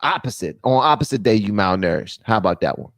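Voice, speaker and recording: A male streamer gives casual, off-the-cuff commentary to his live chat. His voice is animated and swings from loud ranting down to low muttering, with a lively, wide-ranging pitch. The sound is dry and close. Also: fast talker, dry recording.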